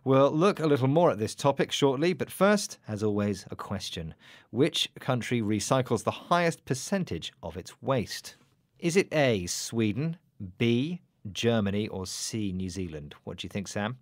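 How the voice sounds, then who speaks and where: A man's voice: medium pitch, expressive, moderate pace, no echo, clean studio sound. Man hosting an English lesson. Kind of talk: scripted radio lesson chat.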